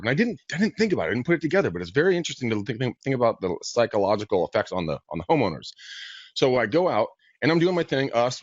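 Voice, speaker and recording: A man's voice: medium pitch, dry recording. A man who works as a real estate agent, chatting casually on a show and acting out both sides of the conversations in his stories. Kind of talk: casual podcast chat, storytelling. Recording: dry, slightly dull livestream audio.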